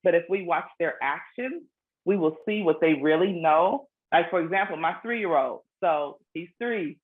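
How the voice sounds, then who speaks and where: A woman's voice: fairly low pitch, normal speed. A woman, a children's book author, explaining things earnestly in a casual interview, often restarting her phrases. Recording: phone-like narrow sound.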